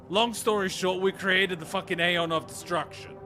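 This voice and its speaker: A man reacting to a game story, ranting and swearing heavily. His voice sits high and bright, and game music plays faintly behind him. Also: normal speed, hardly any pauses. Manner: excitable, heavy swearing, ranting. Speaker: reaction streamer.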